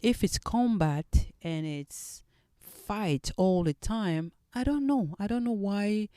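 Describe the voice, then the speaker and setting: A woman hosting her own podcast talks slowly and thoughtfully, often restarting her sentences in an earnest, reflective way. Her voice is mellow and smooth, recorded dry and close with no room sound. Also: mid-range voice, lively intonation, no room sound. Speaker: podcast host. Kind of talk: solo podcast talk.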